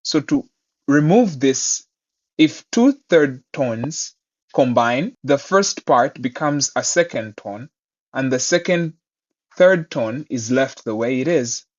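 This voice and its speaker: A man teaching Mandarin pronunciation, saying each word twice and explaining it clearly. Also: medium pitch, lively intonation, slow pace, highs cut off. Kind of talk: pronunciation lesson.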